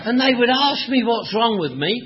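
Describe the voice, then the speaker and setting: High-voiced London man telling his story. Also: very animated, normal speed, over a noisy crowd, very noisy. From Northwest London. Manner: wry, profane storytelling with repetitions. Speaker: speaker at a recovery meeting. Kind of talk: personal testimony. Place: meeting room with an audience. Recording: dull lo-fi recording, faint audience.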